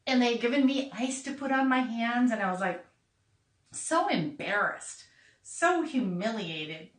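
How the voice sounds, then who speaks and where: A middle-aged woman hosting a podcast, telling a personal story in a casual, animated way, laughing and acting out voices as she goes. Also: fairly high pitch, unhurried. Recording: echoey room, a bit far from mic.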